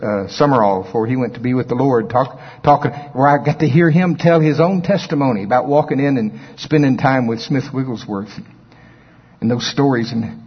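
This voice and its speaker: A man preaching a sermon, telling stories with big swings from quiet murmurs to high, excited shouts. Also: normal speed, husky. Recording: dull lo-fi recording with long hall reverb.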